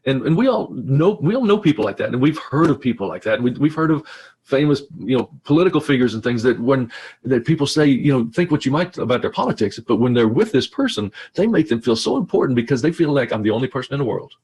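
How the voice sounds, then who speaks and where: Husky-voiced man giving a webinar talk. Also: mid-range voice, sing-song, fast talker, a little mellow. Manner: conversational, repeats himself. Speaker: speaker. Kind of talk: webinar presentation.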